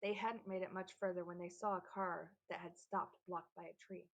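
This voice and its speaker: Gravelly, husky woman reading a story. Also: fairly low pitch, flat delivery, moderate pace, low-quality recording. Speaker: audiobook reader. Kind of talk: storybook narration.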